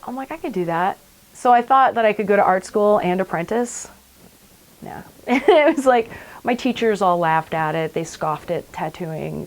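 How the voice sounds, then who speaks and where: A woman's voice: fairly low pitch, low-quality recording. A middle-aged woman, a tattoo shop owner telling her story in a documentary interview, chatty and acting out quotes.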